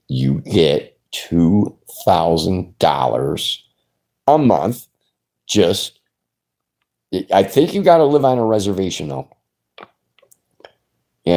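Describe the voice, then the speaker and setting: Gravelly, slow-talking casual man. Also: sits low, dark tone. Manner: rambling, laid-back, with frequent restarts. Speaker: channel host. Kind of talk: casual chat.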